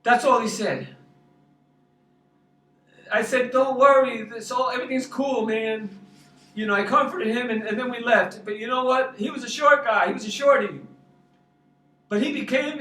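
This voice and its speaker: A man's voice: very high-pitched, steady tone, normal speed, pauses often, pushed and bright, reverberant, recorded from a distance, rough recording. A man from Long Island, a pastor rambling through a personal testimony and repeating his words. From Long Island, New York. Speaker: street pastor. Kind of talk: storytelling testimony.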